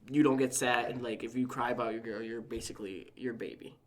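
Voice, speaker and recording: This young man, a guest on a laid-back podcast, meanders through a personal anecdote, saying "like" constantly and imitating what his relatives said. He speaks briskly in a mid-range voice with fairly even intonation.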